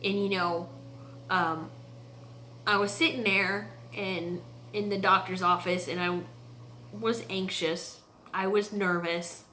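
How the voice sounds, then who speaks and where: A woman vlogger sharing a personal faith testimony from her home basement, earnest and halting, with many pauses and restarts. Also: mid-range voice, fairly even intonation, bright, forceful tone, a little hiss or hum. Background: washing machine running.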